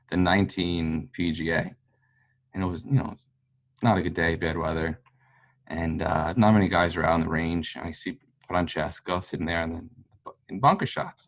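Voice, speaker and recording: A man, a golf fan, telling a long story in casual chat, rambling with lots of fillers. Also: sits low. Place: local pub.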